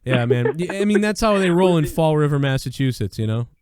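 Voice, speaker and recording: A man's voice: fairly high pitch, lively intonation, fairly quick, a little mellow. A man hosting a call-in show, chatting casually with loose, profane storytelling and repeated phrases.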